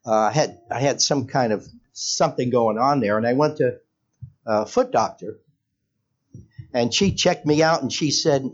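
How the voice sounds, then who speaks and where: A man's voice: medium pitch, normal speed, dull audio. A man preaching a sermon in a church, talking with the congregation and putting questions to them. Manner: conversational, asks the congregation questions. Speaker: pastor.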